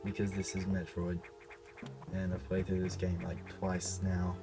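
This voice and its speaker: Sick guy coughing through a let's play, lowish voice, kinda self-deprecating. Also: completely flat delivery, a little slow, over music. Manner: self-deprecating, apologetic asides. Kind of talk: casual gameplay commentary.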